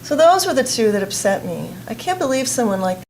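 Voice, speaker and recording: A woman's voice: fairly high pitch, sing-song, a little fast, a little mellow, a little hiss or hum, low-quality recording. A woman student recounting a frustrating class in a personal vlog.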